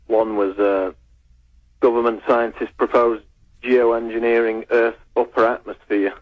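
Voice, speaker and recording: A male researcher and writer speaking on the radio, explaining in a calm, measured way. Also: mid-range voice. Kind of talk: call-in radio discussion. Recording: muffled lo-fi phone line.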